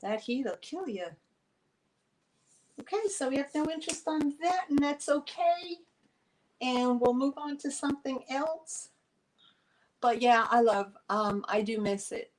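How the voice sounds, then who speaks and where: A woman from New York with a New York accent, running a chatty live sale of vintage items into her phone, filling pauses with ums. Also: sits high, lively intonation, rough recording. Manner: chatty, friendly, many fillers. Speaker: online vintage seller.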